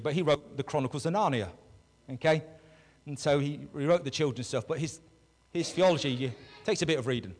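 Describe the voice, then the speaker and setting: A male pastor preaching a sermon to his congregation, animated, swinging between loud calls and hushed words. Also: medium pitch, long reverb tail, poor audio. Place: church hall with a congregation.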